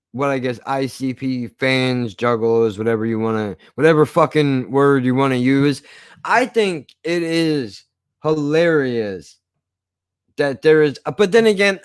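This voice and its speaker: A man's voice: on the high side, clean tone, no echo. A man streaming live, ranting casually in a rambling, profane way with frequent restarts.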